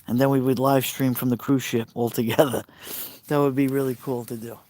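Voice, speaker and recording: A man's voice: mid-range voice, flat delivery, brisk, a little mellow, dry recording. A man with a Brooklyn Italian American accent, chatting casually on a live stream and answering viewers' messages aloud. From New York. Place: outdoors by a fire pit at night.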